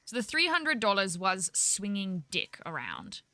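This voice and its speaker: A woman voicing a blunt, foul-mouthed frontier ranch woman who talks briskly. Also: medium pitch, huge pitch swings, pushed and bright, exaggerated voice. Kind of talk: Western role-play.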